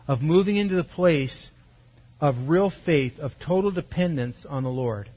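Male pastor, husky and a touch high, chatty verse-by-verse sermon, muffled lo-fi capture. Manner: conversational, asks listeners questions, acts out quotes. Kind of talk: sermon, verse-by-verse Bible teaching.

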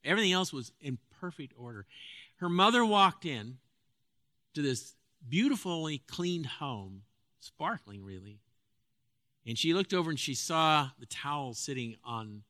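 Man, counselor giving a lecture, earnest, halting restarts, dry close sound. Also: medium pitch, lively intonation, pushed and bright, dry recording. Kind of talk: spoken lecture with anecdotes.

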